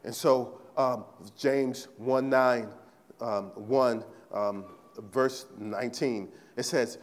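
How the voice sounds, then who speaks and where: In a church sanctuary with a big-room sound, a male pastor preaches emphatically, repeating phrases and often asking the congregation "right?" His voice is mid-range and slow.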